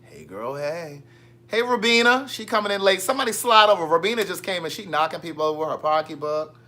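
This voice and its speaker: A man's voice: a little high, expressive, fast, bright, forceful tone. A man hosting a casual livestream, chatting and teasing as he reads viewer comments. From Maryland. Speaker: livestream host. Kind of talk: casual live chat.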